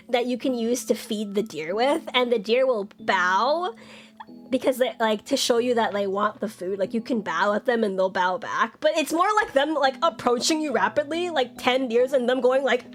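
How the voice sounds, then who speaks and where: A bubbly young woman in her twenties chats on a live stream, her voice sitting a little high and leaping into squeaky greetings for viewers. Soft music plays faintly behind her. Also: moderate pace. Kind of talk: casual chat stream.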